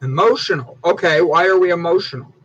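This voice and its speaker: A young man hosting a morning talk show, loud and teasing, prone to sudden high-pitched yelling. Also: a little fast, lo-fi sound. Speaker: host.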